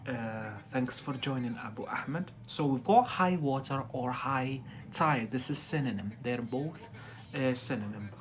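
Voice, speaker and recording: A man from Algeria, giving a live-streamed English lesson, talking deliberately and checking in with "yeah?" after most phrases. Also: medium pitch, a little hiss or hum. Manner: deliberately slow, frequent "yeah?" check-ins. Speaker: English tutor livestreamer.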